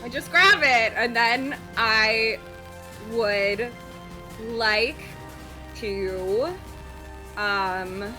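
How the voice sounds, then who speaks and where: A woman playing a tabletop game, slow and self-mocking as she decides her move. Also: fairly high pitch, music in the background. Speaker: player.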